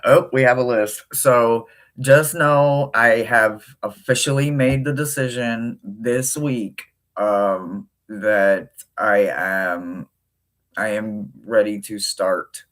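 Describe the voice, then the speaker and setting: Slow-talking expressive man, tarot livestream host. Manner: expressive, with sudden high-pitched exclamations. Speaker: tarot reader hosting a livestream. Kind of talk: casual livestream chat with viewers.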